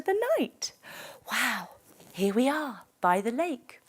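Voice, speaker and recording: A woman with a fairly high, lively voice takes her time teaching children yoga inside a bedtime story, coaxing them along gently and playfully.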